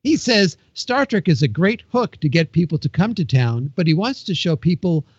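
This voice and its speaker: A man's voice: high voice, sing-song, normal speed, breathy edge, no echo, highs cut off. A man co-hosting a casual podcast, reading news items and joking with the others. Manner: jokey, laughs and whoops often.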